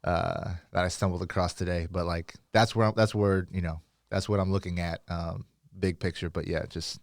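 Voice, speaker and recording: A man's voice: deep voice, steady tone, normal speed, dry recording, clean studio sound. A man co-hosting a podcast, easygoing and slangy in casual chat. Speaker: podcast co-host.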